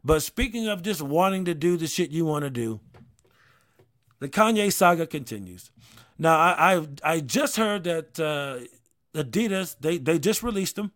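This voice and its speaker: A man's voice: on the high side, animated, moderate pace, fairly bright tone. Rambling man chatting casually. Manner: rambling, frequent restarts and profanity. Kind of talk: casual chat.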